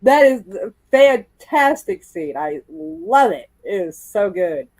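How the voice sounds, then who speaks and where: A woman's voice: mid-range voice, big pitch swings, slow, darkish tone, dry recording, poor audio. Woman livestream host, casual and profane, laughs easily, dry close recording. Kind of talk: casual chat. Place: indoors at home.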